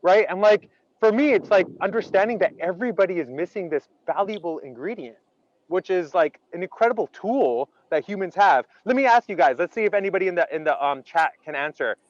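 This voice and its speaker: A man leading an interactive online laughter workshop, animated and chatty, quizzing his audience and filling his speech with "like". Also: sits high, a little fast, highs cut off. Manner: animated, chatty, asks audience questions, many "like" fillers.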